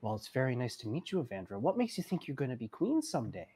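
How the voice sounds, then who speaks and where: Man playing a soft-spoken father, quiet, gentle, cautious. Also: medium pitch, huge pitch swings, quick pace, husky, heavily acted. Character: gruff grown man, a worried father.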